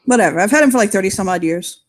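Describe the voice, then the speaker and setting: A woman's voice: medium pitch, lively intonation, racing. A woman playing a tabletop game, chatting brashly and profanely and laughing often. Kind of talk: casual in-game chat.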